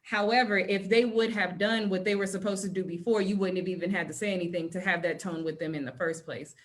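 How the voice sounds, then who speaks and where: A woman co-host in a relaxed panel conversation, with a mid-range voice. She talks emphatically and works through her reasoning out loud, building her point. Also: mid-range voice, fast talker. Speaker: podcast co-host. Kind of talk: casual panel discussion.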